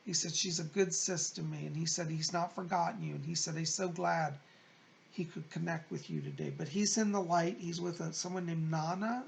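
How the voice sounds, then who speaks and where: A man with a gravelly, creaky voice hosts a psychic reading show. He reads letters from viewers and relays messages from spirits. His tone is gentle and consoling, and he talks casually and warmly to listeners. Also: high-pitched. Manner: gentle, consoling, chatty, calls listeners "hon". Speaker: psychic medium.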